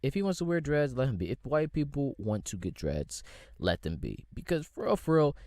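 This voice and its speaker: A man's voice: medium pitch, big pitch swings, fairly quick, darkish tone, dry recording, clean studio sound. A young man from the United States hosting a podcast, ranting in a casual, rambling, slangy way with lots of swearing. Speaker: podcast host. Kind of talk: casual solo rant.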